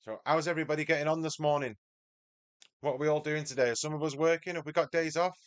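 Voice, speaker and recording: A man with a Mancunian accent commentates his live sim-racing stream and chats with viewers by name. His voice is a little high, smooth and fairly even in intonation, and he talks fast.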